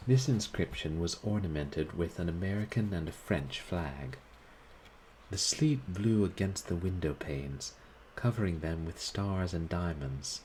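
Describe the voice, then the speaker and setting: Deep, slow-reading man narrating a story. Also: darkish tone, a little hiss or hum, poor audio. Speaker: reader of a short story. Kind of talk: audiobook-style story reading.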